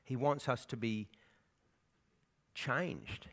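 A man's voice: medium pitch, very slow, gravelly, fairly bright tone. A man preaching a sermon to his congregation, earnest and conversational, with swells of emphasis. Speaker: pastor.

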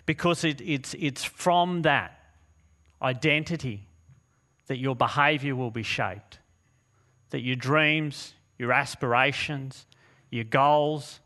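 A man preaching a sermon, telling a story in an animated, dramatic way with slow pauses. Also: medium pitch. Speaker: pastor.

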